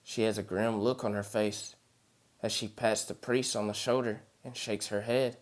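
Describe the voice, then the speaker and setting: A man with a lower voice reads a scripted first-person horror story. His delivery is steady and earnest, in the manner of a channel storyteller. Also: moderate pace.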